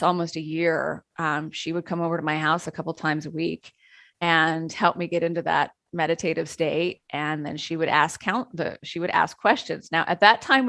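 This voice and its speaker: Middle-aged woman guest, deep and a bit gravelly, animated storyteller who laughs often, dry sound. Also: no room sound. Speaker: channeler, interview guest. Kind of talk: conversational storytelling.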